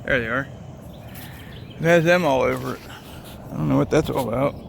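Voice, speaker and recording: A man's voice: mid-range voice, a little fast, vocal fry, noisy background. A man who drives trucks, rambling casually and swearing a lot as he walks along a lakeside and films on his phone. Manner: rambling, swears constantly, wandering thoughts. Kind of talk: casual walking vlog. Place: outdoors at a lakeside rest area. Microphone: handheld phone.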